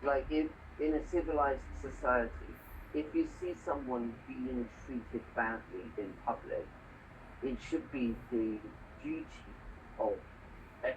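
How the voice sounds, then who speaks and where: A man's voice: mid-range voice, a little slow. A man in casual conversation, telling a story in an earnest way and often adding "you know". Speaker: conversation partner. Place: lives in Hong Kong. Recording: distant, muffled, faint background noise.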